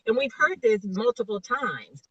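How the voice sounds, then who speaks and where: A woman's voice: fairly high pitch, very animated, unhurried, breathy edge, no echo, recorded from a distance, highs cut off. A woman life coach, a guest in an interview, explaining motivational ideas with a string of rhetorical questions over remote call audio.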